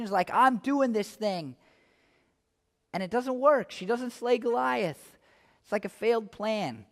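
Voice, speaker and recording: A male pastor preaching a sermon in a church, chatty and self-deprecating, then building to loud, impassioned stretches. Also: high voice, long reverb tail. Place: church sanctuary.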